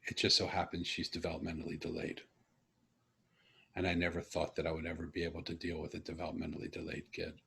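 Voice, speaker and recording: A middle-aged man telling a personal story in conversation, earnest and reflective, pausing and restarting as he goes. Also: deep voice, monotone, creaky, fairly bright tone, slightly rough. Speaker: host.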